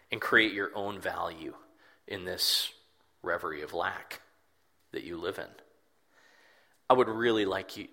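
A man voicing Jesus as a gentle figure inviting the listener, speaking softly and at times near a whisper. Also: deep voice, vocal fry, full character voice.

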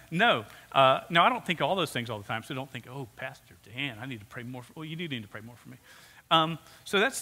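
A man's voice: on the high side, pushed and bright, long reverb tail. A man preaching as pastor to his congregation, talking in an earnest, conversational way and putting questions to the people in front of him. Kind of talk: sermon. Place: church sanctuary.

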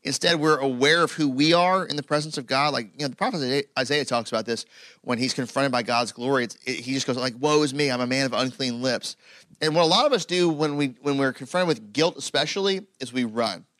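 Bright-toned man preaching a conversational sermon. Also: mid-range voice, fast, no echo. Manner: conversational, filler-heavy, building to emphatic. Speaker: pastor.

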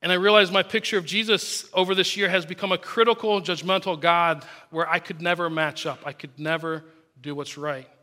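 A man's voice: high-pitched, steady tone, a little fast, sharp tone. A man preaching a sermon, reading scripture verses aloud and explaining them earnestly.

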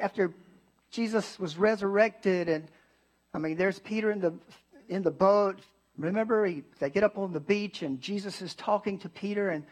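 High-voiced man preaching expressively. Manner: expressive, swings from emphatic to hushed. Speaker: pastor. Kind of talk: sermon.

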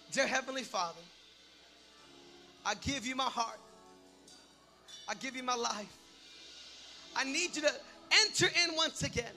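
A man preaching a sermon, shouting in bursts and then dropping to quiet prayer. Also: very high voice. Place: church hall. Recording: long hall reverb with music behind.

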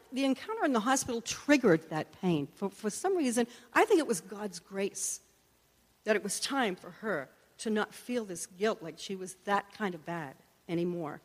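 A woman teaching a sermon, telling earnest personal stories and acting out the voices of the people in them. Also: fairly high pitch. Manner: earnest storytelling, acts out quoted voices. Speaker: Christian teacher and prayer minister. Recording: long echoey hall reverb.

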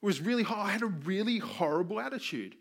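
Male preacher, higher-pitched, earnest storytelling sermon delivery. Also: expressive, fast. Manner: earnest storytelling, acts out quoted voices.

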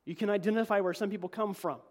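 Animated high-voiced male preacher. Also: fast talker. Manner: animated preaching, voice rising to emphatic peaks then dropping low. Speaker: pastor. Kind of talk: sermon.

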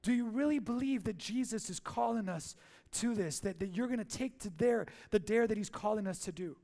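High-voiced preacher guy in church, jokey, keeps quizzing the crowd. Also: a little fast, creaky, dark tone. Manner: playful, jokey, with call-and-response questions. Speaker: pastor. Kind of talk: sermon.

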